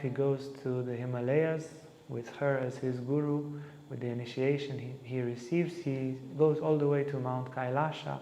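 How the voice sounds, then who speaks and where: A man teaching as a spiritual teacher, telling a story with animation and acting out the lines of the people in it. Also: medium pitch. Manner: animated storyteller who acts out quotes. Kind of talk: storytelling talk. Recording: echoey hall reverb.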